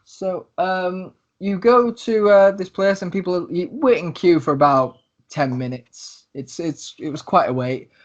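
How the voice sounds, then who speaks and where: A man's voice: high-pitched, unhurried, muffled recording. Man narrating a tabletop game. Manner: hesitant, many ums and likes. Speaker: game master.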